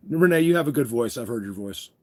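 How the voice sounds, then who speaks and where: This man has a medium-pitched voice with a darkish tone. He's a vlogger who just woke up, hosting a live stream on his phone camera, chatting groggily with viewers, rambling, and calling out people by name.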